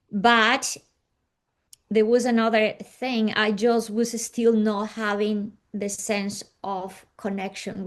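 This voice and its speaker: A woman of middle pitch tells a personal story as an interview guest. She speaks softly and reflectively, often sinking into a near hush at the ends of her thoughts.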